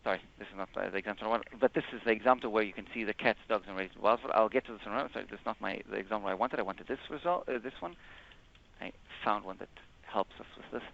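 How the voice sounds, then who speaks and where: A man presenting a live software demo in a webinar, explaining step by step and often correcting himself. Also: on the low side, creaky, a little hiss or hum. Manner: halting, explains step by step with frequent self-corrections. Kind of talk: live screen-share product demo. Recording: dull lo-fi webinar audio.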